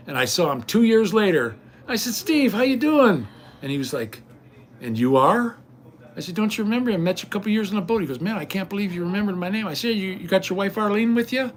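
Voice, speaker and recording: An older man chatting casually to his viewers, folksy and rambling, often restarting his sentences. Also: a little high. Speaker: vlogger.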